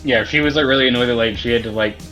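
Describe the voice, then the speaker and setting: A man in his twenties co-hosting a casual podcast. He laughs a lot and gets animated when he retells a story. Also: mid-range voice, racing, soft background music, poor audio. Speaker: podcast co-host.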